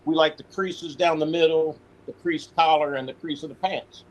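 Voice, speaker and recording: Man, ex-prisoner, storytelling, slightly high pitch, chatty interview. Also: normal speed, poor audio. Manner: animated storyteller, quotes others in voice. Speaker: interview guest, former prisoner.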